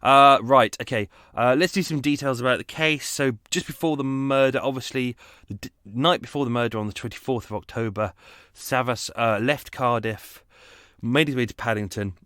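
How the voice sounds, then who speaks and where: A man's voice: medium pitch, normal speed, fairly bright tone, smooth, no room sound, clean studio sound. A man hosting a true-crime podcast, narrating in a casual, rambling way with chatty digressions and laughs at his own asides.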